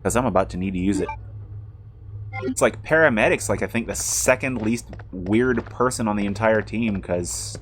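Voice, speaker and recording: A man's voice: on the low side, moderate pace, slight background noise. A man streaming a video game, chatting casually with rambling, jokey asides as he plays. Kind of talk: casual live-stream commentary.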